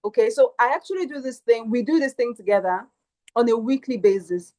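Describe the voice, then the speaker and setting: A woman hosts a webinar for voice actors. Her fairly high voice stays upbeat and persuasive, with a preacher-like pull. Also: brisk, a little mellow, low-quality recording. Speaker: webinar host. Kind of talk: hosting a webinar.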